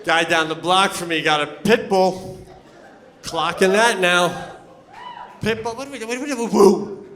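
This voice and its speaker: A man performing stand-up comedy on stage, telling stories in a loud, animated way and yelling his punchlines. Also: sits high, unhurried, long pauses, long reverb tail. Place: comedy stage before a live audience.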